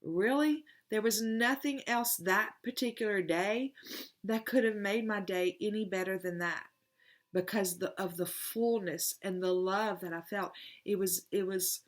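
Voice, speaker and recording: A woman's voice: mid-range voice, a little slow. A middle-aged woman, a tarot reader telling a personal story in a rambling, heartfelt, emotional way in a casual spiritual vlog.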